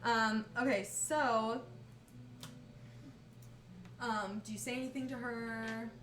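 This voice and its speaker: A woman's voice: on the high side, fairly even intonation, slow pace, fairly bright tone, reverberant, far from the mic, slight background noise. A woman narrating as game master on a video call, giggly and easily flustered.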